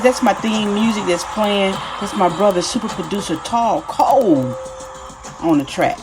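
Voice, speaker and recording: A woman's voice: lowish voice, expressive, moderate pace, over music. A woman from Texas with a Southern accent hosting a podcast, talking in an enthusiastic, folksy way as a life coach. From Texas, USA. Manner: enthusiastic, folksy, repeats greetings. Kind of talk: upbeat podcast monologue.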